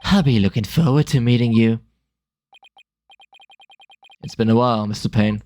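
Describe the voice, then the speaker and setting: A man streaming a game, reading a smug, sneering male prosecutor with a drawn-out delivery. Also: medium pitch, a little mellow, close to an everyday voice. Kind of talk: casual game dialogue reading.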